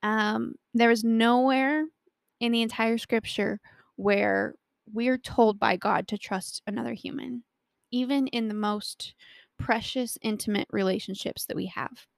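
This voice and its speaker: A young woman shares a personal faith story, acting out each quote with lively energy. Her voice sits a little high and has a gravelly, creaky texture. The sound is dry and close, with no room around it. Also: unhurried, no room sound. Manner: animated storytelling with acted quotes. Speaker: Christian speaker.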